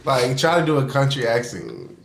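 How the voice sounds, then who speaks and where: A man's voice: medium pitch, wildly swooping pitch, unhurried, gravelly. A man, a podcast co-host joking and teasing in casual chat. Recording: roomy echo, faint noise.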